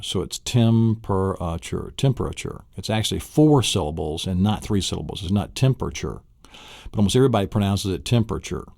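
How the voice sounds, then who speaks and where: Low-voiced guy teaching spelling, spells stuff out letter by letter, dark dry sound. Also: animated, quick pace, gravelly, hardly any pauses, no echo. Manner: asks the listener rhetorical questions; breaks words into sounded-out syllables. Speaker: spelling instructor. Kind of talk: recorded spelling lesson.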